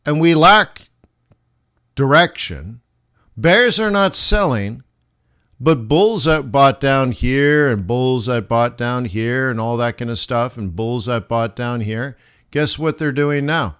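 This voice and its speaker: A man's voice: medium pitch, animated, slow, a bit bright, clean tone. A man running a live forex trading lesson, talking casually and asking the viewers rhetorical questions as he goes over the charts.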